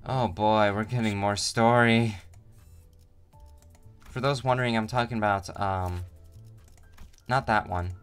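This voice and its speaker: Casting: low-voiced male streamer, casual, stumbles over words, faint music behind. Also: steady tone, measured pace, long pauses, smooth. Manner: stumbling, self-correcting reader. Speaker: streamer reading a game story. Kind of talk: casual game read-through.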